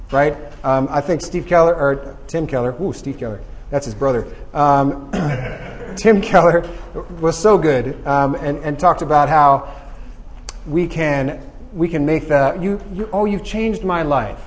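Upbeat guy teaching a bible class, jokes around, keeps asking right?, slightly high voice. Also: long reverb tail. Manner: energetic, joking, asks "right?" often. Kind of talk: lively group Bible teaching.

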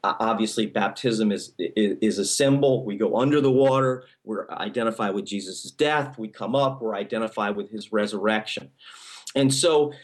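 A man's voice: fairly low pitch, normal speed. A male pastor giving a sermon in a conversational style, with many restarts and frequent "okay?" check-ins to the congregation.

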